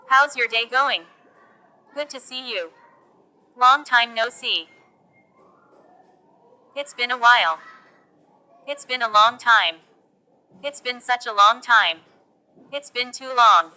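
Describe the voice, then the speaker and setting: Woman, English lesson, reading phrases one at a time, very slow, clear and sharp tone. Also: a little high. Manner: slow, deliberate phrase-by-phrase delivery. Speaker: English teacher. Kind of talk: reading example phrases for learners.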